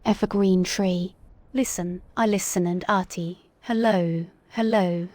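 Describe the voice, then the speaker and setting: Streamer lady, kinda under the weather, warm soft voice, dry sound, goofing around reading chat. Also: fairly low pitch, steady tone, a little slow, dry recording. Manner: playful, reads chat messages aloud. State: still a little sick. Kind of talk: casual livestream chat.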